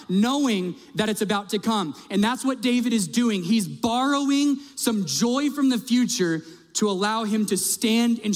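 A male pastor preaching a sermon in a conversational, emphatic way, asking his audience direct questions. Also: high voice. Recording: long reverb of a large hall.

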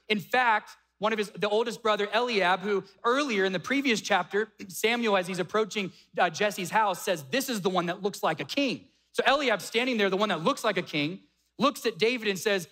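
A young man preaching a sermon, retelling a story with animated acted-out dialogue. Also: high voice, moderate pace. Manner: animated, acts out quoted dialogue. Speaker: pastor.

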